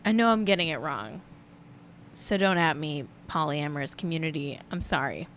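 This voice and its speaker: A woman's voice: low-pitched, expressive, normal speed, fairly bright tone, slight background noise. A woman hosting a celebrity gossip livestream, chatting casually and rambling, correcting herself as she goes. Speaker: celebrity gossip show host.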